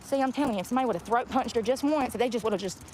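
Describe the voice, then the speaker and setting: Young woman ranting outside, cussing, kinda high voice, traffic going by loud. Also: rapid-fire. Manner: ranting, blunt and profane. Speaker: vlogger. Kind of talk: venting to the camera. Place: outdoors by a road. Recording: clear outdoor traffic noise.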